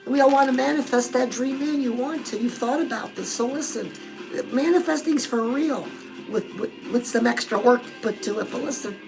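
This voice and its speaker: High-pitched sassy woman coaching "girl". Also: moderate pace, creaky, music in the background, low-quality recording. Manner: chatty, sassy, keeps calling the listener "girl". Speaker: self-help show host. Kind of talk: comedic live-show coaching talk. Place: live show.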